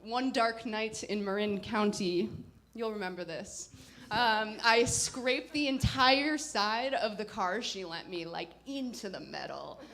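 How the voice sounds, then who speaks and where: A woman telling a personal story at a live performance, wry and reflective, with halting pauses. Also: medium pitch, expressive, a bit bright. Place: live performance before an audience.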